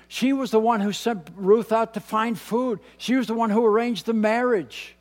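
A man preaching a sermon as pastor, moving between quiet, dropped asides and loud, emphatic lines. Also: high voice, steady tone, moderate pace, few pauses. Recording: long hall reverb.

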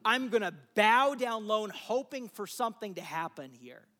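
A preacher putting on a frightened outcast man, rambling in panic, ordinary mid-pitched voice. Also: animated, moderate pace, bright, forceful tone. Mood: fearful. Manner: panicked, rambling inner thoughts. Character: terrified exiled young nobleman, an outcast.

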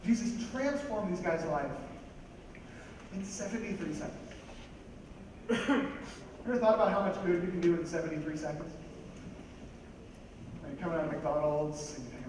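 A man preaching a sermon to a congregation in a conversational, animated way, often asking the listeners questions. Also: a little high, fairly quick, long pauses. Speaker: pastor. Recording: echoey hall, voice from a distance, background noise.

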